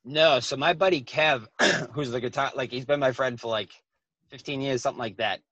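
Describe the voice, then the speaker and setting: In a dry recording, a man in his 20s talks at a moderate pace with a mid-range voice and a sharp tone. He's a comedian guest making casual podcast chat, rambling with a thick accent, frequent swearing, and plenty of "like." Overall his voice sounds dull and lo-fi, set in a dead, dry space.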